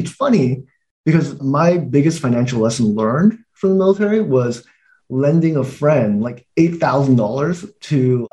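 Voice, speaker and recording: A man's voice: fairly high pitch, a little mellow. A man in his thirties, born in Taiwan, talks in a loose, easygoing way. He laughs often and fills his sentences with casual fillers as he chats on a podcast. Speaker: guest. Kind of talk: casual conversation.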